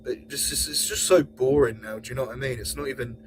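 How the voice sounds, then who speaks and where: A man hosting a podcast, ranting angrily and swearing, sometimes mocking others in a high voice. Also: fairly even intonation, fast, noisy background. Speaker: podcast host. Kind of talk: heated podcast rant.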